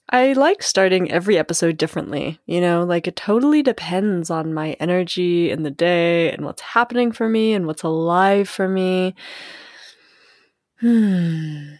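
A young woman with a slightly low voice chats through a solo podcast in a loose, playful way. She giggles easily and scatters likes and you knows through her talk. The sound is close and dry. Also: no echo. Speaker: podcast host. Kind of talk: casual solo podcast monologue.

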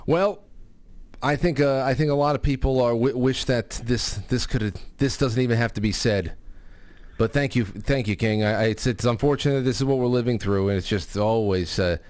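A man's voice: medium pitch, darkish tone. Male call-in show host. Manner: halting, many restarts. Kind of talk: casual call-in radio talk.

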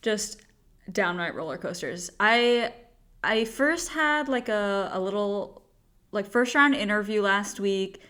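A woman co-hosting a podcast who reacts quickly, backs her friend up and laughs often. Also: mid-range voice, a bit bright, smooth. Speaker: podcast co-host. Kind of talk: casual chat.

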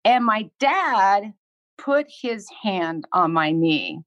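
A heartfelt, outspoken woman in her sixties tells her story with blunt, earnest conviction and a casual habit of swearing. Her voice sits at a middle pitch. It is recorded close and dry, with no room around it. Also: expressive, takes it slowly, fairly bright tone, no room sound, lo-fi sound. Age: 60s. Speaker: guest. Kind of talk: candid podcast conversation.

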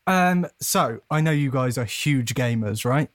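A man's voice: medium pitch, lively intonation, a little slow, dry recording, clean studio sound. Chatty, teasing man in a podcast chat. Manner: chatty, teasing, laughs at his own jokes. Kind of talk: casual chat.

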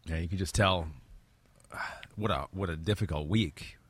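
A man's voice: sits low, normal speed, slight background noise. A man hosting a sports talk show, steering the segments in a rambling way.

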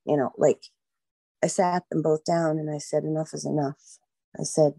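A woman's voice: low-pitched, fairly even intonation, normal speed, vocal fry, warm tone, dry recording. A middle-aged American woman with an American accent, rambling in an emotional interview as a guest, acting out quoted voices and filling with "like" and "you know.". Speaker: mother of a missing girl, guest.

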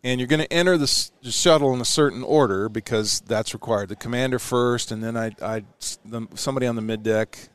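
In a casual conversation, a middle-aged former astronaut tells a story with animation, laughing frequently and acting out what people said. His mid-range voice moves briskly with almost no pauses, and the tone is clean.

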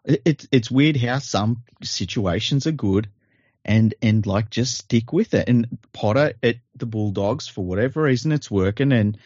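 A man with an Australian accent co-hosting a podcast, talking sport in a laid-back, halting way. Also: medium pitch, a little mellow, husky, no echo, dull audio. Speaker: podcast co-host. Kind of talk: casual sports chat.

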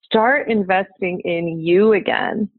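A woman's voice: mid-range voice, takes it slowly, no room sound. A woman giving earnest, encouraging relationship advice as a coaching guest on a podcast interview. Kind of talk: conversational interview. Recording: tinny phone-like line, dry.

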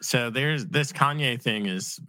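A man's voice: medium pitch, unhurried, bright, forceful tone, no room sound. A man hosting a podcast, joking around in loose casual banter with his co-host. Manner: joking, loose, swears freely.

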